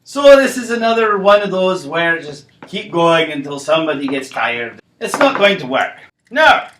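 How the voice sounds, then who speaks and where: A man's voice: high-pitched, bright, forceful tone. A man doing a comedic monologue as a vlogger, rambling and playfully mocking. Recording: roomy echo.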